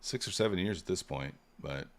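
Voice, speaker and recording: A man with a low, deep voice talks casually on a live trading stream. He rambles, fills gaps with "uh" and "you know," and lets his thoughts trail off on a drawn-out "so.". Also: lively intonation. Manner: rambling, many fillers and trailing "so".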